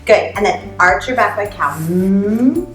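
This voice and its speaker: Lady teaching kids yoga, goofy animal noises, echoey room, soft music behind. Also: medium pitch, moderate pace. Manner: playful, animal sound effects. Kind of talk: upbeat kids' yoga class.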